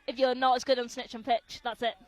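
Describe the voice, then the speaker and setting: High voiced woman doing color commentary, chatty and upbeat. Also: flat delivery, fast, a crowd in the background. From United Kingdom. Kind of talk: live sports commentary.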